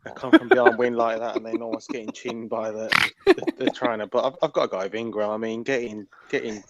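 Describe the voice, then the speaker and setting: A man's voice: mid-range voice, flat delivery, quick pace, highs cut off, a loud crowd. A man chatting on a boxing podcast, repeating words as he gets his sentences going. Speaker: podcast panelist. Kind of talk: casual podcast chat.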